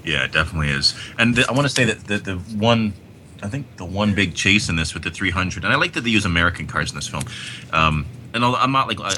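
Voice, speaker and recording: A man with a very low voice and a bright, forceful tone talks about movies in a loose, enthusiastic podcast chat. He rambles and restarts his sentences often. A faint hiss sits behind him. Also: animated, fast talker. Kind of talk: casual film discussion.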